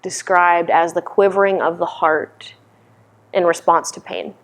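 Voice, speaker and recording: A woman's voice: lowish voice, fairly even intonation, unhurried. A woman giving a dharma talk as a meditation teacher, telling stories in a candid, conversational way.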